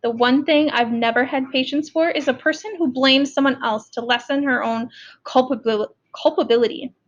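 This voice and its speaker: A woman's voice: sits high, normal speed, dull audio, natural voice. A woman voicing a stern, hot-tempered middle-aged male prison warden who lectures and scolds.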